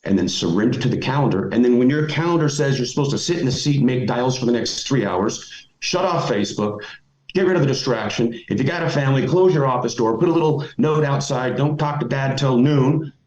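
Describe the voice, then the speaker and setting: A man's voice: medium pitch, expressive, fast, darkish tone. A middle-aged man giving motivational advice as a podcast guest, emphatic and folksy. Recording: roomy, dull lo-fi audio.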